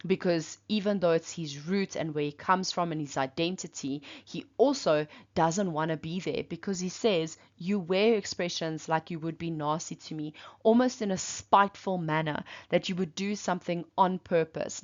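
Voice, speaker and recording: A woman teacher talking through a poem line by line, reading quotes and then explaining them in a reflective, explanatory way. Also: on the low side. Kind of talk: poetry analysis lesson. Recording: dull lo-fi recording.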